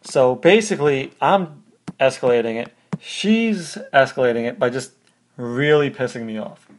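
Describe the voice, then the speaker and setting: A man's voice: medium pitch, animated, normal speed, a little hiss or hum. Man, podcast host, casual storytelling, conversational, step by step. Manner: conversational, recounts events step by step.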